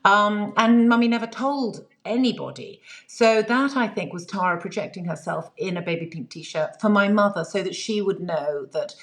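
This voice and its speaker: A woman author, appearing as an interview guest, tells a personal story in a relaxed, conversational way, earnest and reflective and full of filler words. Her voice sits in the mid range, at normal speed with few pauses.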